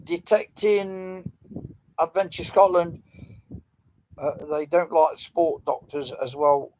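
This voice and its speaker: A man's voice: on the high side, takes it slowly, darkish tone, slight background noise, low-quality recording. A middle-aged man, rambling casually as he hosts a livestream quiz and chats with viewers. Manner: chatty, rambling, answering comments.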